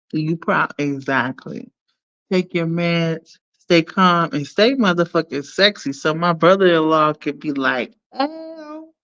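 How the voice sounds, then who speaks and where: A woman hosting a casual livestream, playfully chatting with viewers, shouting them out and laughing often. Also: fairly low pitch, lo-fi sound. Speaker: livestream host.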